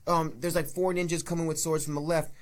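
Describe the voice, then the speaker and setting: A man's voice: fairly high pitch, fast. A man co-hosting a podcast, casually retelling a movie scene by scene with lots of profanity. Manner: animated retelling with profanity and acted-out quotes. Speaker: podcast co-host. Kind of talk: casual movie review chat.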